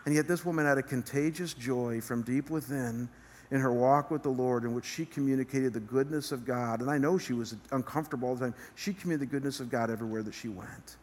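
A man's voice: medium pitch, quick pace, darkish tone. A male pastor preaching an earnest sermon from a church stage, building emphasis as he speaks. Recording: long reverb of a large hall.

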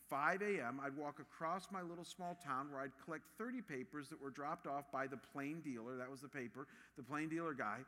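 Bright-voiced fifty-year-old man preaching. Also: on the high side, long reverb tail. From Ohio, USA. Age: 50s. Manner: storytelling, animated and personal. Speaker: pastor. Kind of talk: sermon.

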